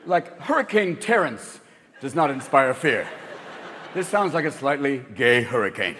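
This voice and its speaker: A man performing a stand-up comedy routine, loud and profane, jumping into exaggerated character voices. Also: medium pitch, very animated, measured pace, noisy background. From lives in California. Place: stage before a live audience. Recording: live stage recording, audience and hall reverb.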